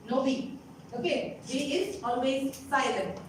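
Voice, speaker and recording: A woman's voice: high voice, moderate pace, darkish tone, slight background noise. A woman teaching a public speaking lesson to young students, often checking in with her listeners as she explains. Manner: instructive, often checking in with "okay?" and "isn't it?". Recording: very echoey room, voice far from mic.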